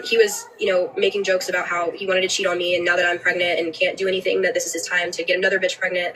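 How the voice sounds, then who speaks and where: A young woman giving a personal account on a livestream, earnest, with frequent halting restarts. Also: fairly low pitch, recorded from a distance, noisy background. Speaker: livestreamer telling her story.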